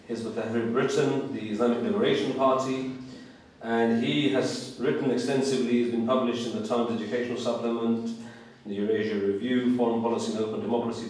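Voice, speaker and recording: A hoarse man, a little under the weather, chairing a public debate and introducing the speakers in a measured, formal way. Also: mid-range voice, a little mellow. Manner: measured, formal, reads from notes. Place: large lecture hall. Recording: echoey hall, voice from far off.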